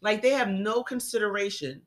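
Earnest mid-pitch voice in a group chat, backing everyone up. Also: lively intonation, brisk. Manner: earnest, affirms others often. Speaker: podcast co-host. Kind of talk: heated casual discussion.

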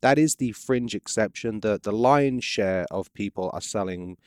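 A man's voice: on the low side, normal speed, no echo, clean studio sound. A man hosting a casual conversation, asking curious, chatty questions and often repeating words as he talks. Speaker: host.

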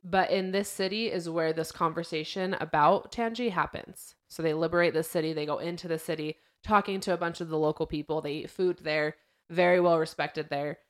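A young woman chats casually as a podcast host, with a fairly low voice. She retells events in a loose, lively way and acts out what people said. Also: a little fast. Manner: chatty storyteller, acts out quotes.

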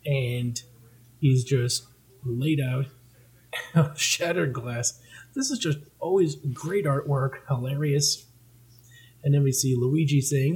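Male host, husky voice, casual comic read-through with a laugh. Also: medium pitch, slow pace, pauses often, a little mellow, poor audio. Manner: laughing, joking commentary.

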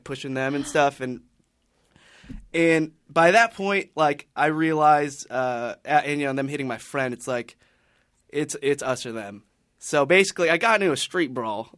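A man's voice: medium pitch, normal speed, fairly bright tone, no room sound, clean studio sound. A man on a podcast panel telling a long story in casual chat, rambling with many restarts and fillers.

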